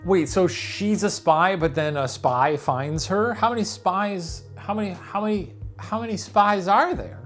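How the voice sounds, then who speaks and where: A man in his thirties, his voice sitting a little high, reads viewer comments with dry jokes. His pitch moves a lot as he banters, with faint music in the background. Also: a little slow, few pauses, a bit bright. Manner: dry, wry humor. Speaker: co-host.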